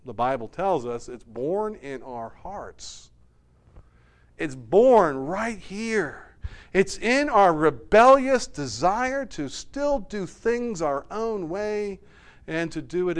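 A man preaching a sermon as a pastor, speaking earnestly and slowing down for emphasis. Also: fairly high pitch.

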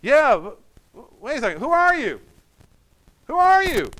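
A man voicing a panicked man hanging from a cliff, yelling and pleading for help. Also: high-pitched, sing-song, fairly quick, pitched above the performer's own voice, heavily acted.

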